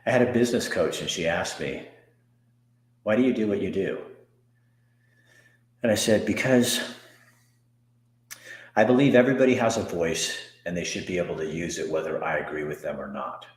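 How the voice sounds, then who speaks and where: A middle-aged man speaks in a very low voice, hosting a personal monologue. He is earnest and moves between heated anger and soft, hushed moments. The room around him has a noticeable echo. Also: brisk. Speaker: host.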